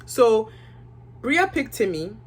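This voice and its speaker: A woman's voice: on the high side, very animated, slow, slightly rough. A young woman giving a casual, opinionated recap of a reality show, chatting with her viewers and filling her talk with asides.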